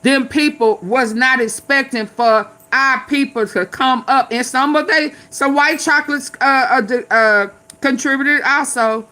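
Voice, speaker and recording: Older woman commentator, bright, a bit high, sassy and blunt, preachy riffing. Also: unhurried, hardly any pauses. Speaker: commentary vlogger. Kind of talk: casual opinion commentary.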